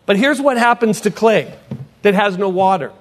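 Speaking at normal speed in a high voice, a middle-aged potter-evangelist gives a forceful testimony sermon. He repeats key phrases and shifts back and forth between quiet and loud.

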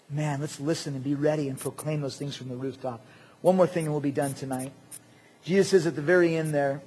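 A man preaching a sermon as pastor, animated and jokey, swinging between loud outbursts and quiet asides. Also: sits high, husky.

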